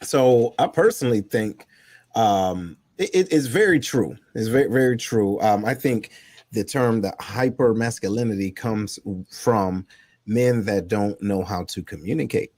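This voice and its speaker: Male host, mid-pitched, bouncy and upbeat, dry close sound. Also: a little slow, no room sound. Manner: energetic, laughing, call-and-response. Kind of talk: casual panel talk show.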